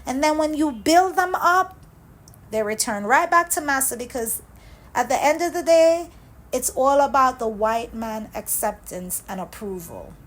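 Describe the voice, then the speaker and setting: A woman's voice: sits high, lively intonation, measured pace, poor audio. A woman hosting a reaction vlog, ranting with angry, impassioned conviction and hammering her points through repetition. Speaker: commentary channel host.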